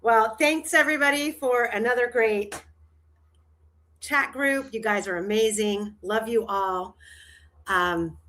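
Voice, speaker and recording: A woman with a medium-pitched, slightly bright voice runs a relaxed livestream chat. Her thoughts ramble and trail off, with frequent restarts and plenty of laughter.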